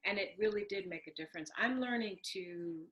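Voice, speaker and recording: A woman hosting a conversation over a video call, telling personal stories in an animated, emphatic way. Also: mid-range voice, brisk, highs cut off. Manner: animated storyteller, warm and emphatic. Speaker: host. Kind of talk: conversational interview.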